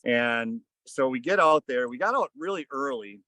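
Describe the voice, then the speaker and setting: A man's voice: mid-range voice, animated, moderate pace, bright, forceful tone, dry recording. Rambling man telling a story, dry sound. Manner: rambling, lots of "kinda" and "like". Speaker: podcast guest. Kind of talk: casual storytelling. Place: on a fishing boat.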